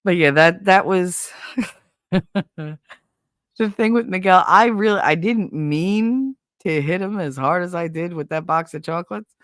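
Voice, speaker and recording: A woman's voice: lowish voice, measured pace, no room sound, clean studio sound. A woman hosting a live stream, chatting casually and profanely with her viewers, acting out quoted lines in exaggerated voices. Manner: profane, wisecracking, acts out quotes in big voices. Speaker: livestream host.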